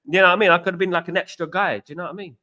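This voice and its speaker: A man's voice: high voice, steady tone, rapid-fire, pushed and bright. A man hosting a casual live stream, chatting and greeting viewers by name as he reads their comments. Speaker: livestream host.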